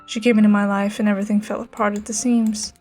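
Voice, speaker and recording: A woman's voice: mid-range voice, little pitch movement, a little mellow, faint music behind, lightly acted. A woman reading as a bitter young dragon rider. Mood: bitter, grieving. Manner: subdued, halting confession.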